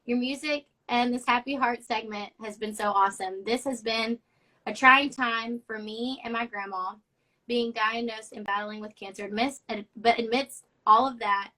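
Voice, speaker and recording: Bright-voiced young woman hosting. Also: on the high side, moderate pace, low-quality recording. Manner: chatty and effusive, gets emotional reading notes. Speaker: host of a live social media show. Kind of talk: casual live-stream chat, reading fan notes aloud.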